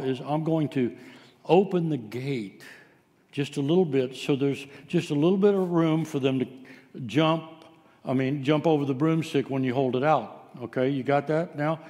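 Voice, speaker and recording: A man's voice: medium pitch, dark tone, big-room sound. A man preaching a sermon, telling stories in a folksy way with frequent filler sounds. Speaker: pastor.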